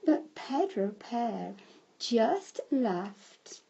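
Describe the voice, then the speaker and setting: Slow, lively woman reading a children's story. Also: fairly high pitch, creaky, slightly rough, lo-fi sound. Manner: slow, lively storybook telling with shouted character cries.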